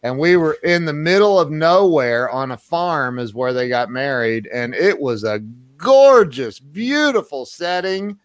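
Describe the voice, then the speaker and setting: Smooth, dry-miked man, loose and rambling as a show host. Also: fairly high pitch, expressive, a little slow, dry recording. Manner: rambling, repeats words, many fillers. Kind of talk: casual interview chat.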